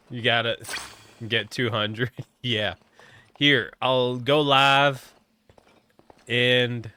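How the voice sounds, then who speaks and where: A man's voice: mid-range voice, pushed and bright, no room sound. A man streaming a game, chatting casually and joking with viewers as he rambles.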